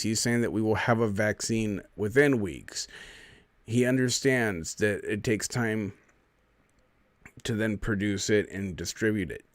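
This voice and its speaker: Low-voiced guy on his stream reading a fact check and ranting back at it, sarcastic, dry close mic. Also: dry recording. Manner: indignant, sarcastic running commentary. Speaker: live stream host.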